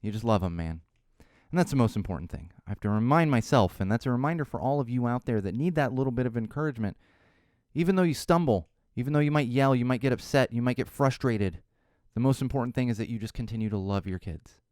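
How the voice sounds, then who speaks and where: A man hosting his own podcast, talking solo in an animated, ranting way and mocking other people's voices. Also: mid-range voice, fast talker, no echo, clean studio sound. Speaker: podcast host.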